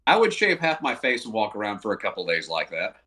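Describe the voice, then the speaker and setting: A man's voice: on the low side, very animated, fast talker, sharp tone. A man, a paramedic guest chatting casually on a podcast with dry, self-deprecating humor. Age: adult, married.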